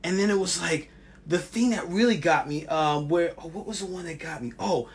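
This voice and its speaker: A man vlogging a personal wellness story, passionate and animated, with frequent restarts. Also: on the high side, normal speed, husky.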